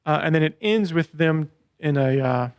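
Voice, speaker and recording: Higher-voiced, gravelly podcast host. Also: male voice, moderate pace, no echo, studio quality. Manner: animated recapping, quotes lines with playful voices. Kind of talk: casual podcast chat.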